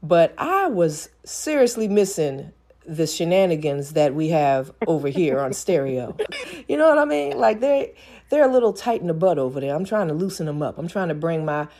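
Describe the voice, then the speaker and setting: A woman podcaster chatting casually as a guest, giggly and animated. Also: sits low, normal speed. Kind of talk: casual chat.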